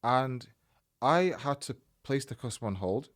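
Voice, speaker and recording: A man hosting a podcast, telling a personal story in a casual, animated way and acting out the dialogue. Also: medium pitch, moderate pace. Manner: animated, retells events by acting out quoted dialogue. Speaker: podcast host.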